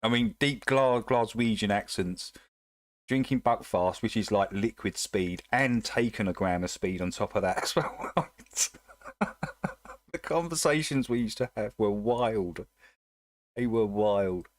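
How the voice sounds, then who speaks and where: A man's voice: on the low side, a little slow, dry recording. A man with an Essex and North London accent, hosting a casual livestream and chatting bluntly with his viewers in a rambling way. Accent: Essex / North London English. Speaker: livestream host.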